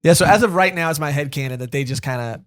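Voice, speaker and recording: Joking, animated male podcast co-host. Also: a little high, fast talker, clear, resonant tone. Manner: joking, animated retelling with put-on quotes. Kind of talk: casual chat.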